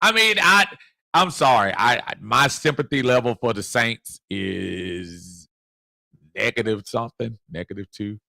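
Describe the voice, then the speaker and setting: A middle-aged man hosts a fan livestream, his voice bright and forceful. He talks in a lively, chuckling way as he reads off viewer comments and shouts people out. The sound is close and dry. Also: medium pitch, a little slow, gravelly, dry recording. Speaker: livestream host. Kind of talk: casual sports chat reading viewer comments.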